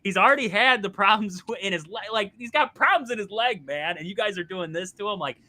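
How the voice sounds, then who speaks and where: A man with a very bright, forceful voice, pitched a little high, ranting animatedly about football. He talks casually on a sports podcast, exasperated and quick to laugh. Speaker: podcast co-host.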